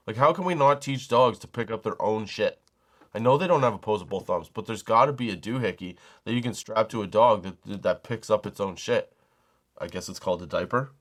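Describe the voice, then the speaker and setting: A middle-aged man hosting a comedy podcast, telling stories in a loose, profane rant, laughing at his own jokes and acting out the people he quotes. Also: mid-range voice. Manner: acts out quoted people in raised voices. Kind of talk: casual comedic storytelling monologue.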